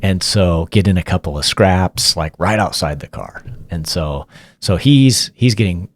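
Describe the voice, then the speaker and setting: A middle-aged man, a former police officer, casually telling a story in a relaxed, rambling way. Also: deep voice, unhurried. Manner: relaxed, rambling retelling with fillers and restarts.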